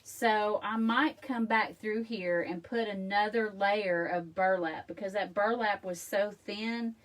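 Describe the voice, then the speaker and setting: A woman's voice: medium pitch, steady tone, unhurried, distant mic. A woman chats casually through a craft tutorial at home. She is talkative and self-deprecating, and she calls her viewers y'all. Her voice sits a little back from the mic. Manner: chatty and self-deprecating, laughs often, addresses viewers as y'all. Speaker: crafting video host. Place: home craft room, indoors.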